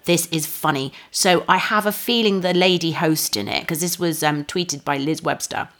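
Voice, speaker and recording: A woman's voice: sits low, moderate pace, a bit bright. A woman co-hosting a podcast, chatting sarcastically and reading out tweets. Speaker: podcast co-host. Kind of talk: casual chat, reading out tweets.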